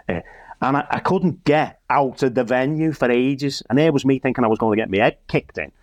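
A man from Liverpool with a Liverpool accent, a comedian and church minister, telling an anecdote in a relaxed panel chat with lots of asides. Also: mid-range voice, brisk, no room sound, clean studio sound. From Liverpool, England. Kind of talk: casual storytelling in a panel chat.

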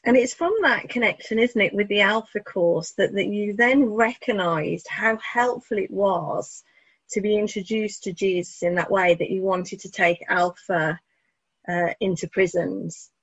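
Woman interviewer, husky, measured leading questions, muffled lo-fi sound. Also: medium pitch.

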